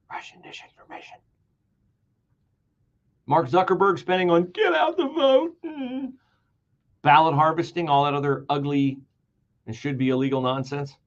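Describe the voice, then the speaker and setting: A man's voice: on the high side, expressive, moderate pace, lo-fi sound. A man hosting a solo political commentary stream, emphatic and sarcastic, repeating key words for stress and dropping into mocking whispers. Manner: swings between loud outbursts and mocking whispers.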